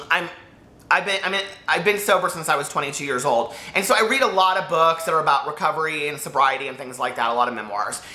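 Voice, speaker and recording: A man chats casually about a book he loves, rambling and excitable, with frequent restarts and tangents. His voice is bright and forward. The room around him is noticeably echoey. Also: a little high. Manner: rambling, excitable, self-interrupting. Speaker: book reviewer. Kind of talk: casual chat to camera.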